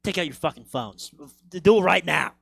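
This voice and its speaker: High bright hype-man emcee. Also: lively intonation, normal speed, creaky, dry recording. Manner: loud hype, crowd-rousing, profane. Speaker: comedy show emcee. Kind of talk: closing the show. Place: comedy theater stage.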